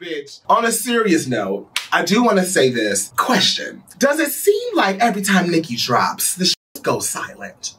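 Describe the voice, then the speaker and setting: A man's voice: high voice, big pitch swings, moderate pace, sharp tone, distant mic. A man giving casual pop culture commentary in a sassy, gossipy way. He laughs often and swears freely.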